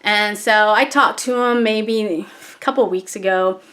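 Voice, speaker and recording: A woman's voice: mid-range voice, a little slow, a bit bright. A middle-aged woman vlogging, telling a personal story in a chatty, heartfelt and candid way.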